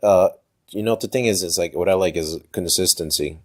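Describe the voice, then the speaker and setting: A man with a very deep voice chats in a relaxed, laid-back way. He lets his sentences trail off and drops in short agreeing sounds. It is a casual chat. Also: fairly quick. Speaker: magazine co-host.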